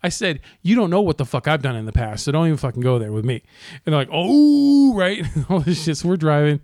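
A man's voice: fairly high pitch, expressive, fast talker, darkish tone, no echo, clean studio sound. A man in casual podcast chat, telling rideshare driving stories with lots of swearing and laughter. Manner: profane, laughing storyteller.

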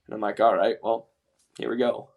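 A young man co-hosting a casual podcast about medical device sales, telling lively stories and acting out the people he quotes. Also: lowish voice, a little fast, vocal fry. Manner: animated storyteller, acts out quoted voices, swears casually.

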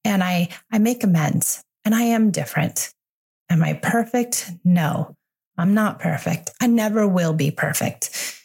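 A woman in her forties hosts a parenting podcast solo, admitting her own parenting mistakes with candor and reassurance. She is a parenting coach, and her lowish voice is gravelly, slightly rough, and a little mellow, moving at a measured pace.

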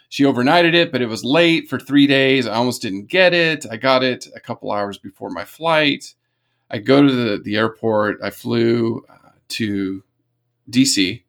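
An American man from California, a podcast guest who tells a personal story in a lively, casual way and laughs easily. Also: medium pitch.

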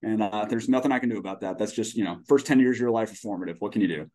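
A man in his forties, a startup CEO, races along in a fairly low, slightly mellow voice during a conversational podcast interview. His manner is folksy and expansive, full of long story-driven tangents.

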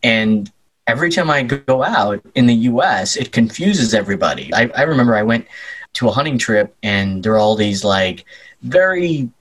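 A man, a journalist, talking with a guest in a relaxed interview, telling stories loosely with lots of "like" and "kind of". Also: medium pitch, moderate pace, breathy edge, poor audio. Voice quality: loose talk full of "like" and "kind of". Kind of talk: casual conversational storytelling.

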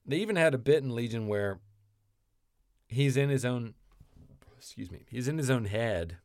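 A man in a relaxed podcast chat about actors and TV shows, rambling and animated with lots of restarts. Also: medium pitch, moderate pace, dry recording.

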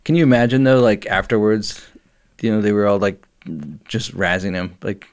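A man's voice: lowish voice, normal speed, clean tone. A man co-hosting a podcast in casual chat, easygoing and often laughing between lines. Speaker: podcast co-host.

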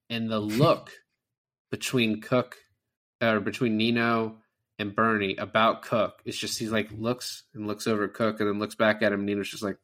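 A man's voice: on the low side, normal speed. A man talking casually about a movie, swearing often and acting out the characters' lines. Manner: animated, swears often, acts out quoted lines. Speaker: podcast co-host. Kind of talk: casual film discussion.

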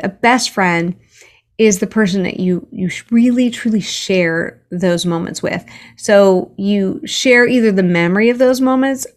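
Give me an earnest woman author as a guest, restarting her sentences. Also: medium pitch. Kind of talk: conversational interview.

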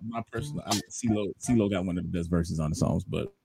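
A man's voice: deep voice, quick pace, vocal fry, crowd noise. A man from Georgia co-hosting a casual podcast, joking around and doing a playful mock weather report. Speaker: co-host.

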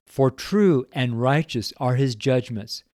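A man's voice: medium pitch, slow, darkish tone, no echo, clean studio sound. Earnest, emotional middle-aged man reading scripture. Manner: reads scripture aloud with rising fervor. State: choked up at times. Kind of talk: Bible reading with devotional commentary.

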